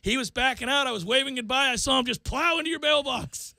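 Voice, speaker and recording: High, bright-voiced man telling a story. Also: moderate pace, no room sound. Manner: animated, self-mocking storyteller. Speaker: radio show host. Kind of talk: talk radio storytelling. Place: radio studio.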